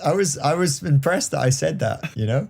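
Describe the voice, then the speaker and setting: A man's voice: a little high, expressive, moderate pace, vocal fry, darkish tone. A man in his thirties hosting a podcast in casual chat, joking and bantering with puns. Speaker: podcast host.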